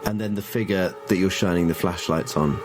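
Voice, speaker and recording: Deep male game master, slow and measured, music bed. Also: fairly even intonation. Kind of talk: narrating a tabletop horror game. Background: background music.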